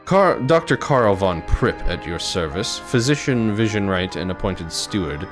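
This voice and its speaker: A man voicing a cold, suave male doctor who speaks in a pompous, theatrical, polished manner, with music playing clearly behind. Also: fairly low pitch, big pitch swings, unhurried.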